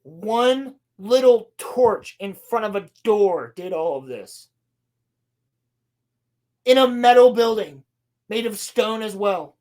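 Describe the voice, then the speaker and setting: A podcast co-host recaps a show in a sarcastic, profane, exasperated way, acting out the characters' lines as animated storytelling. Her medium-pitched voice takes it slowly, with frequent pauses.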